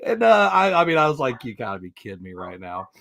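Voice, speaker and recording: A man who coaches, co-hosting a podcast and excitedly telling a story in casual chat, laughing as he goes. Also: mid-range voice, fairly quick, creaky, noisy background.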